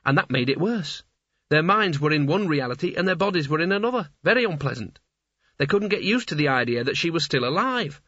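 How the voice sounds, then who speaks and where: A man's voice: a little high, a little fast, no room sound, muffled recording, pitched above the performer's own voice. Fussy flustered wizard, as a man reads him. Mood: explaining. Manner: anxious, rambling, excitable.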